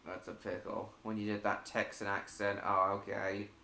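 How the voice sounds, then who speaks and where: A man's voice: fairly low pitch, flat delivery, moderate pace, vocal fry, bright, forceful tone, reverberant, slight background noise. A man hosting a casual live stream, reading viewer messages aloud and answering them.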